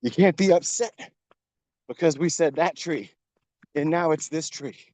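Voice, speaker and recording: A man's voice: a little high, unhurried, darkish tone, no room sound. A man coaching a workout while jogging outdoors, encouraging and a little out of breath. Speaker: fitness coach. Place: outdoors on a trail.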